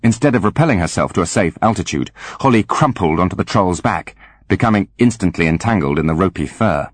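A man narrating an audiobook with wry, animated storytelling. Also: low voice, fairly quick, no echo. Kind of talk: scripted narration.

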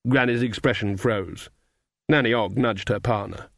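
A man narrating a comic fantasy audiobook in a measured, dry delivery. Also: fairly low pitch, creaky, fairly bright tone, dry recording. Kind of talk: scripted narration.

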